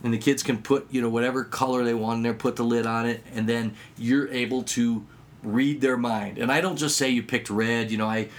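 Animated man sharing kids' ministry tips. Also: fairly quick. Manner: lively storyteller who acts out dialogue with sudden pitch jumps. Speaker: children's ministry worker and magician. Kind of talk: instructional talk with anecdotes.

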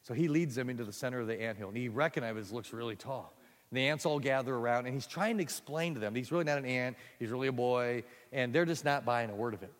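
A man's voice: medium pitch, fast talker. Folksy man telling a story in a hall. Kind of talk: sermon storytelling. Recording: echoey hall.

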